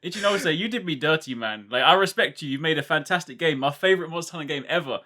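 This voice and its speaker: A man's voice: on the high side, fast talker. A man, a content creator, chatting casually as a guest. He tells stories with a lot of exaggeration and often breaks off and restarts. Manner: animated, exaggerated storytelling, frequent self-interruptions. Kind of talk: casual chat.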